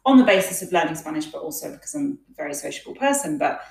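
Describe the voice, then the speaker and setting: A woman's voice: low-pitched, big pitch swings, fast, gravelly. A woman guest in a casual interview, telling stories in a chatty way with many fillers. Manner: chatty, storytelling, frequent fillers. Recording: echoey room, distant from mic.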